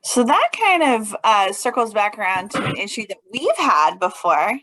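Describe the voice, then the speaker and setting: A woman's voice: medium pitch, big pitch swings, normal speed, bright, forceful tone, poor audio. A woman co-hosting a podcast in casual chat, thoughtful, with hesitant starts. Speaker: podcast co-host.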